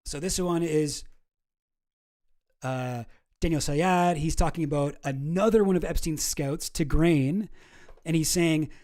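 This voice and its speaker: A man's voice: a little high, measured pace, long pauses, a little mellow. A man hosting casual online commentary, wry and sarcastic as he reads through documents.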